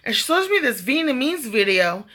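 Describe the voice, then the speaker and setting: Bright-voiced woman telling a story. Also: high-pitched, big pitch swings, normal speed. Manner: chatty, profane, lots of fillers and asides. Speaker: vlogger. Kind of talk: casual storytime vlog.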